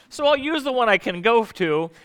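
A man from the Southern US preaching a sermon as pastor, in a conversational, wry way that swings between loud emphasis and quiet asides. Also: extremely high pitch, expressive, unhurried, smooth.

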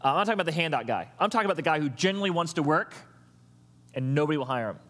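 A man preaching a sermon as pastor, lively and conversational, throwing questions and asides to the congregation. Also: on the high side, very fast. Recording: long reverb of a large hall.

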